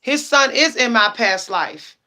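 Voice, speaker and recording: Chatty bright-voiced woman livestreaming. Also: fairly high pitch, animated, measured pace. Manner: chatty, laughing often, emphatic repetitions. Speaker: psychic livestream host. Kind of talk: casual livestream chat.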